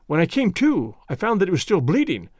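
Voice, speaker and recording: A man voicing a shaken young gentleman engineer. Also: high-pitched, wildly swooping pitch, fairly quick, no echo, studio quality, heavily acted. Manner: polite, weary, nervous.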